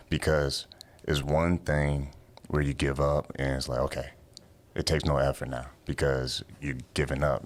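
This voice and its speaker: A man, a faith radio host appearing as a guest, speaking earnestly and encouragingly in a podcast interview. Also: extremely low pitch.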